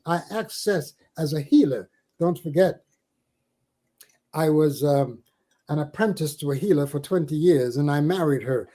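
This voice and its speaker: An older man from the Caribbean islands, a spiritual teacher telling stories in an interview, given to slow, theatrical recitation with big swells and drops. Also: on the high side, mellow, poor audio. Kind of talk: storytelling and dramatic poetry recital.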